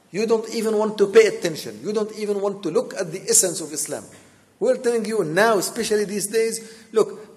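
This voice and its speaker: A man with a high-pitched voice preaches with fire and emphasis, stressing his points hard and dropping into chanted Arabic verses. His voice rings with a long reverb, as if he is speaking in a large hall. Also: a little mellow. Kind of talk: sermon explaining Quran verses.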